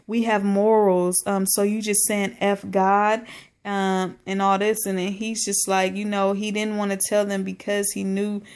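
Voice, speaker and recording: A woman's voice: mid-range voice, clean tone. A woman recapping a reality show in a casual, slangy vlog, with many fillers. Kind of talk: casual chat.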